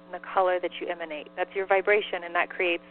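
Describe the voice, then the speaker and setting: Talking fast in a fairly low, flat voice with little pitch movement, a woman conveys a spirit's messages in casual call-in conversation. She's chatty, giggles a lot, and fills her speech with "like." A faint mains hum runs beneath the phone audio.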